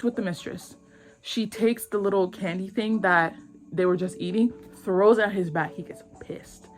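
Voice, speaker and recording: A young woman casually retelling a drama plot in slangy, excitable talk, acting out lines in quick voices. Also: medium pitch. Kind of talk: casual animated storytelling.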